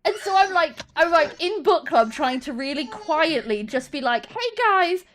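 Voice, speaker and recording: A woman hosting a casual podcast chat, animated and swearing freely as she acts out exchanges. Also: sits high, normal speed, slight background noise. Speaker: podcast host.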